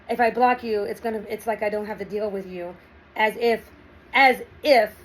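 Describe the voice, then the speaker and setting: A woman's voice: fairly high pitch, slight background noise, poor audio. A woman talking through relationship advice in a casual monologue, often checking in with "right?" and "okay".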